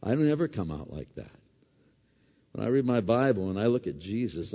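A male pastor preaching a conversational sermon, swinging from emphatic peaks to soft, quiet asides. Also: medium pitch, animated, brisk. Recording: dull lo-fi sound with long hall reverb.

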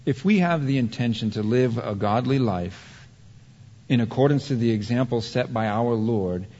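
A man preaching a sermon, swinging from heated emphasis to hushed, drawn-out points. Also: mid-range voice. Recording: dull muffled sound with long hall reverb.

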